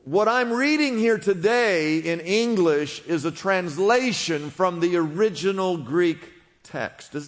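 A man's voice: on the high side, in a large hall. A man preaching a sermon to a congregation, explaining a word and asking the people to repeat it after him. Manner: teaching, asks congregation to repeat words. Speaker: pastor.

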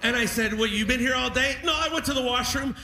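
High, bright comic telling stories. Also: male voice, fast, a little hiss or hum. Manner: animated storytelling, acting out his dad. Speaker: stand-up comedian. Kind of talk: stand-up comedy set. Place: live comedy stage in a music hall.

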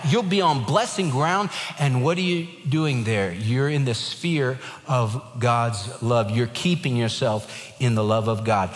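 A man preaching a sermon in an earnest way, shifting his emphasis and telling a joke. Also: on the high side. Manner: earnest preaching, varied emphasis, tells jokes. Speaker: pastor. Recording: long hall reverb.

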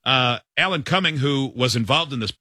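A man reads a news item on a radio show and chats with his co-hosts as he goes. His voice is bright and a little husky, and his pitch swings widely. The studio sound is close and dry. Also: fairly quick, dry recording. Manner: animated, laughs often while reading. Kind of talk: morning radio banter, reading news aloud.

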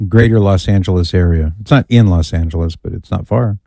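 A man's voice: deep voice, a little fast, creaky, warm tone, no echo. A man hosting a radio call-in show, bantering dryly with his co-host and teasing him. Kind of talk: casual on-air banter.

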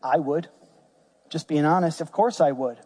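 A man's voice: fairly high pitch, normal speed, dark tone. A man preaching a sermon as pastor, earnest and emphatic.

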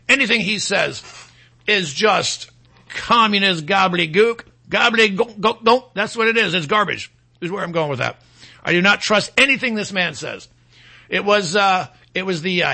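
Man, middle-aged, talk radio host, rambling, mocking, high-pitched, piercing tone. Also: vocal fry. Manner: rambling, mocking, animated asides. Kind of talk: political talk radio monologue.

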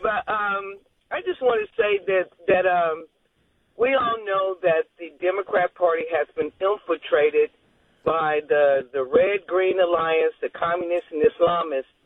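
A woman calling in to a radio show, rambling and halting as she searches for words. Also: fairly low pitch. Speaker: caller. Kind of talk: call-in talk. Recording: tinny phone line.

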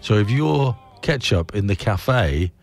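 A man's voice: fairly low pitch, expressive, slow. A man presenting a morning radio show, rambling casually with chuckles and self-mocking asides. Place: radio studio.

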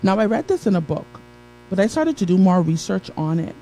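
A woman's voice: medium pitch, sing-song, brisk, dark tone, low-quality recording. A woman giving an emphatic motivational talk on a live stream, repeating key phrases and greeting viewers by name.

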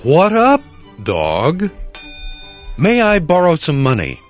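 A man's voice: a little high, huge pitch swings, slow pace, faint music behind, exaggerated voice. An actor playing a stuck-up, overly proper man in a comedic film sketch who repeats street slang. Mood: prim.

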